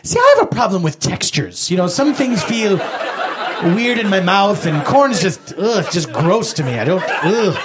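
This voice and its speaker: A man voicing a picky, starving male famine victim who whines in a high voice. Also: very animated, normal speed, crowd noise. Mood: whiny. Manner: high whining complaints.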